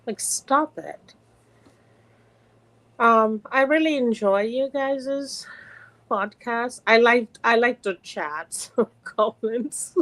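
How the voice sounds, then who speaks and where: A middle-aged woman from California calling in to chat, animated and quick to laugh, with many restarts. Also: a little high, low-quality recording. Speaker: caller. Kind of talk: casual call-in chat.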